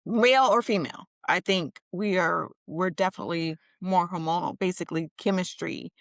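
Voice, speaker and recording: A woman co-hosting a podcast in casual chat, lively and affirming, with a chatty manner. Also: on the low side, moderate pace, no room sound, clean studio sound. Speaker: podcast co-host.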